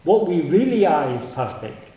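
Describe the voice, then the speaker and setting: Ein Mann mit leicht hoher, weicher Stimme beantwortet in einem Versammlungsraum Fragen aus dem Publikum. Er spricht stockend und wiederholt Wörter, während er nachdenkt. Er steht weit vom Mikrofon entfernt, und der Raum hallt lang nach. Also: male voice, a little high, very animated, warm tone. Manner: halting, repeats words while thinking. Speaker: speaker on spiritual teachings. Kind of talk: answering audience questions. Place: meeting room. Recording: echoey hall, far from the mic.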